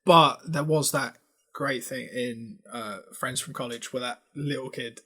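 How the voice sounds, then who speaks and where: A man's voice: medium pitch, fairly even intonation, a little slow, a bit bright, slightly rough. A man co-hosting a casual chat, giggling often, swearing freely and mock-ranting for laughs. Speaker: podcast co-host.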